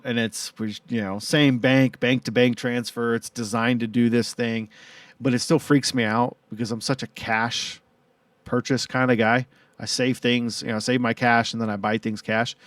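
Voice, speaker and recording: A man's voice: mid-range voice, no room sound. Rambling man telling a story. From Tucson, Arizona. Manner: rambling, full of filler and quoted dialogue. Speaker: vlogger. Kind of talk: casual storytelling. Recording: dry, from a distance from the mic.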